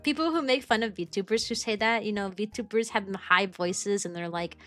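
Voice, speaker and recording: A woman's voice: medium pitch, moderate pace, a bit bright, faint music behind. A young woman from the United States, a streamer who teaches kindergarten, chatting casually with viewers and rambling with restarts and fillers. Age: young adult. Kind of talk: casual chat answering viewers.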